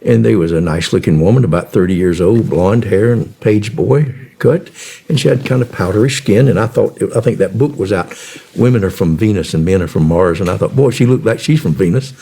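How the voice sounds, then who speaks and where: An older man telling a personal story in a rambling way, pausing often on fillers. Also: lowish voice, vocal fry, mellow, slightly rough. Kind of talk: casual storytelling.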